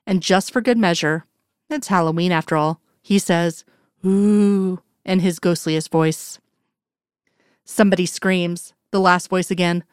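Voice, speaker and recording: A woman reading a story aloud in an even, measured narration. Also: on the low side, clear, resonant tone, dry recording, studio quality. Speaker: reader. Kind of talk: storytelling narration of fan fiction.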